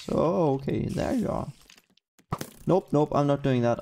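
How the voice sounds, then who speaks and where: A young man giving excitable gameplay commentary, swearing constantly and often bursting into laughter. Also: medium pitch, measured pace, gravelly, pauses often, noisy background. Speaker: gaming YouTuber.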